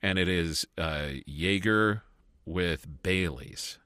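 A middle-aged man co-hosting a casual review podcast, telling stories in an animated, chatty way. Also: low voice, slow, clear, resonant tone, no echo, clean studio sound. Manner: animated, tells stories with lively asides. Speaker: podcast co-host. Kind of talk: casual chat.

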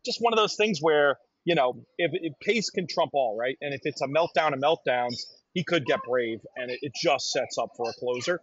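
A man's voice: a little high, lively intonation, moderate pace, slightly rough, no room sound. A man co-hosting a horse racing talk, bantering and breaking down picks. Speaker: racing podcast co-host. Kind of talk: casual analysis chat. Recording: dry, dull lo-fi sound.

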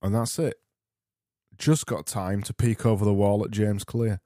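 A man's voice: fairly low pitch, steady tone, a little slow, loud music behind the voice. A man with a Barnsley accent hosting a solo podcast, rambling and self-mocking as he reads out quiz questions. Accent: Barnsley, Yorkshire. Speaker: podcast host.

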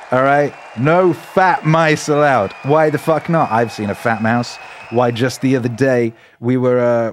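A man hosting a stream, ranting sarcastically and swearing, now and then putting on squeaky mocking voices. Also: a little hiss or hum. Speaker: stream host. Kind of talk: casual ranting stream talk. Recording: loud music behind the voice.

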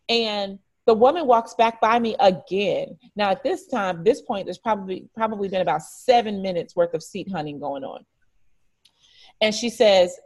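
A woman from Detroit telling a story as an interview guest, acting out the dialogue in lively voices. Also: medium pitch, normal speed. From Detroit, United States. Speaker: franchise regional director, interview guest. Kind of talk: conversational storytelling.

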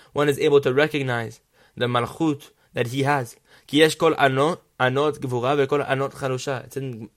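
Rapid-fire man teaching a text. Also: mid-range voice. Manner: reads passages rapidly, then translates phrase by phrase; earnest, enthusiastic commentary. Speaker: Torah teacher. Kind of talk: text-study lesson.

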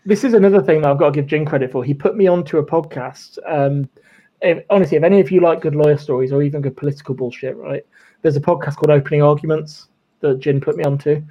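A chatty man with a slightly high voice, spinning lawyer anecdotes as a podcast guest. He swears freely, laughs between lines and fills his pauses with "um". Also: dull audio. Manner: chatty, swears and laughs often, many fillers. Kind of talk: casual chat, storytelling.

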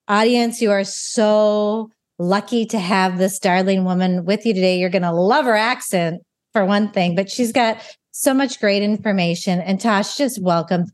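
Middle-aged woman podcast host, mid-range voice, enthusiastic and effusive, recorded on a video call. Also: mid-range voice. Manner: enthusiastic, gushing. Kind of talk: podcast interview hosting. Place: her barn.

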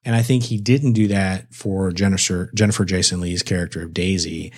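A man's voice: low voice, fairly even intonation, brisk, breathy edge. A man co-hosting a casual movie review chat, rambling and correcting himself as he goes, with crude jokes. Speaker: film podcast co-host.

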